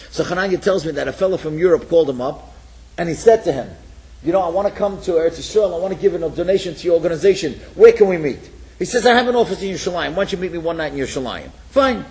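A man giving a sermon, telling a story with lively acted-out dialogue and hushed, reverent asides. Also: fairly high pitch, low-quality recording. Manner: animated storyteller, acts out dialogue, drops to a hush.

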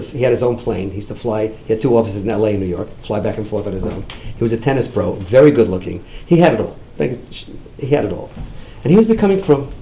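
A middle-aged man, a rabbi, giving a storytelling sermon, jumping up high whenever he quotes someone. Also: reverberant, slight background noise, low-quality recording. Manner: animated, swings up high when quoting others. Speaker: rabbi giving a talk on outreach.

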